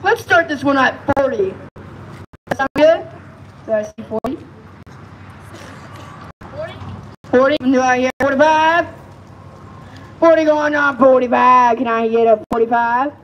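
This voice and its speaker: A man's voice: very high voice, steady tone, measured pace, pauses often, a bit bright, slight background noise, low-quality recording. A man calling bids at a live auction, coaxing and pleading with the crowd and repeating each price. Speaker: amateur auctioneer.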